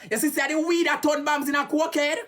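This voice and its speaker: A woman's voice: high-pitched, little pitch movement, quick pace, fairly bright tone. A Jamaican woman ranting heatedly and cursing on a live stream.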